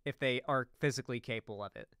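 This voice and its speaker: A man's voice: mid-range voice, fast, a bit bright, clear, resonant tone, no echo, studio quality. A man streaming, reacting to a video in casual, rambling chat full of restarts and asides.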